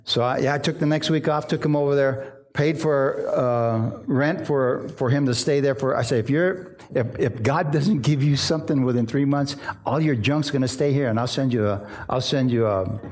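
Lively storytelling preacher man. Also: mid-range voice, normal speed, hardly any pauses. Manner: lively storytelling, acts out voices, asks "amen?". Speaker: pastor. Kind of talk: sermon.

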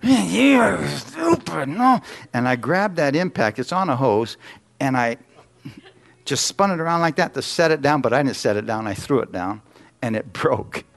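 A man's voice: mid-range voice, expressive, moderate pace. Folksy male preacher telling stories. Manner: folksy storytelling, asks the congregation questions. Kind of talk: sermon with personal stories.

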